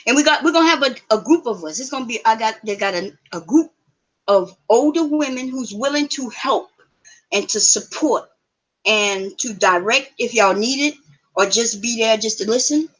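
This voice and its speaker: A woman's voice: fairly high pitch, lively intonation, moderate pace, a bit bright, poor audio. A middle-aged woman hosting a live show, chatting casually and bluntly with viewers, swearing now and then. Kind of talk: casual live-stream chat.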